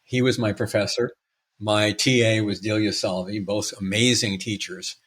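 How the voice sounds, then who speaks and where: A man's voice: on the low side, steady tone, fairly bright tone, breathy edge. An older man, an entertainment lawyer guest on a podcast, telling stories theatrically and slipping into mimicry and jokes. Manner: theatrical storyteller, quick to mimic and joke. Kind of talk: conversational podcast interview.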